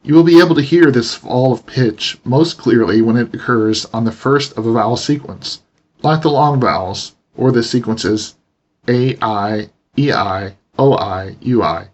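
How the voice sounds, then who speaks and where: A man teaching a language lesson, explaining pronunciation slowly and deliberately. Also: mid-range voice, lo-fi sound. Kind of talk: instructional narration.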